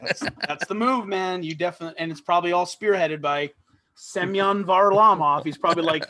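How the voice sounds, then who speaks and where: A man's voice: sits high, brisk, bright, forceful tone. A man hosting a podcast, chatting casually and joking in a laid-back way, often filling his speech with "like". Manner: laid-back, jokey, many fillers like "like". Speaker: podcast host.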